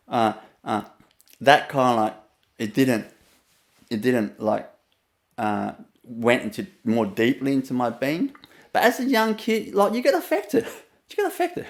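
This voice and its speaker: A man from Vietnam with a Vietnamese accent, a spiritual teacher telling a personal story, laughing often between phrases and pausing on fillers. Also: mid-range voice, sing-song.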